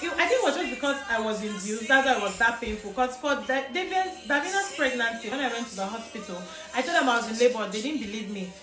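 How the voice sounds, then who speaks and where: A Nigerian woman telling a personal story in casual, animated talk, laughing often and mixing in pidgin. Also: a little high. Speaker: vlogger. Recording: echoey room with music behind.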